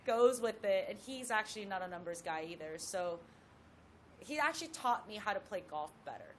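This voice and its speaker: A woman, a professional golfer, telling a story as a guest in a casual chat with lively asides. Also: medium pitch, moderate pace, a little hiss or hum.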